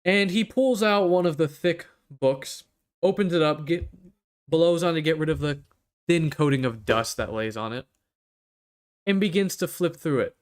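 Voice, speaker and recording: A man's voice: fairly high pitch, expressive, moderate pace, clear, resonant tone. A man narrating as game master in a tabletop game, in a playful storyteller manner.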